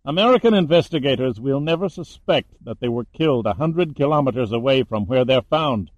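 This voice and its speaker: A man voicing a menacing Peruvian male killer who speaks with icy calm. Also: medium pitch, fairly quick, no echo, dull audio, close to an everyday voice.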